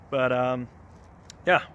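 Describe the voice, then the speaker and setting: A young man hosting a casual car vlog, talking excitedly and swearing casually. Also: mid-range voice, gravelly, slight background noise. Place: outdoors at a garage and dyno shop.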